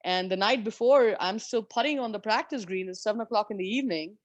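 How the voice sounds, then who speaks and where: A woman in her forties from India, a former professional golfer, telling lively and candid stories as an interview guest. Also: mid-range voice, fast, no room sound, muffled recording. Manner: lively, candid anecdotes with frank swearing. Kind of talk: storytelling in a conversation.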